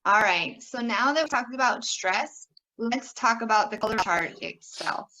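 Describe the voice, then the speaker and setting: A woman's voice: on the high side, expressive, measured pace, bright, forceful tone, a little hiss or hum, poor audio. Upbeat woman presenting a workshop. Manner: upbeat, demonstrates sounds by exaggerating stress.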